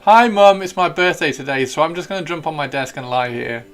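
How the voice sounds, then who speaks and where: A man's voice: a little high, fairly quick, a bit bright. A man putting on a playful voice for his one-year-old male pet cat, speaking as the cat would. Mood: smug. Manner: playful, teasing mock voice.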